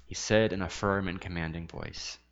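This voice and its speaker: A man reading a first-person story aloud, expressive and dramatic with soft hushed asides, in a dull lo-fi recording with a long reverb. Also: low voice, normal speed.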